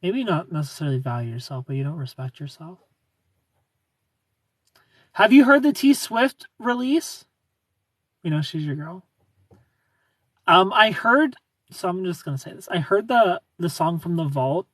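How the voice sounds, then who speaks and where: Soft-spoken husky man on a livestream. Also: expressive, a little slow, pauses often, no room sound. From Ohio. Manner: soft-spoken, low-key, drifting into quiet asides. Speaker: livestream host. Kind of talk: casual livestream chat reading viewer comments.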